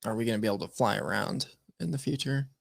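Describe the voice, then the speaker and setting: A man's voice: mid-range voice, fast talker, vocal fry, no room sound. A man co-hosting a podcast, joking and sarcastic in a casual chat. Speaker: podcast co-host.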